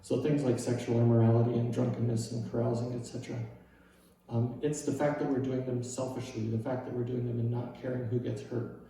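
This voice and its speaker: Man preaching a relaxed sermon. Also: medium pitch, a little fast, heavy reverb, distant mic, poor audio. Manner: casual and self-deprecating, with frequent "right?" asides. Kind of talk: conversational sermon.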